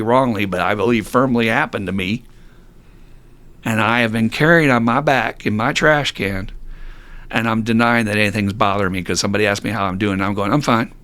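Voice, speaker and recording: A male podcast host in a middle pitch who recounts his own past openly. He talks bluntly and mocks himself, drops curse words freely and breaks into laughter often. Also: a bit bright. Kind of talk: candid personal storytelling.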